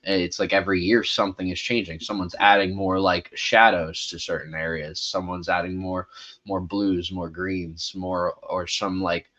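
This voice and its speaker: A man's voice: sits low, level tone, normal speed, fairly bright tone, highs cut off. A man chatting casually about movies, rambling with lots of fillers. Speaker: podcast co-host.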